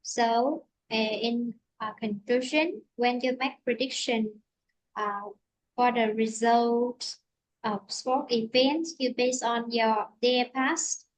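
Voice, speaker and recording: A woman teaching an English lesson, explaining slowly and patiently with many fillers. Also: fairly high pitch, steady tone, rough recording.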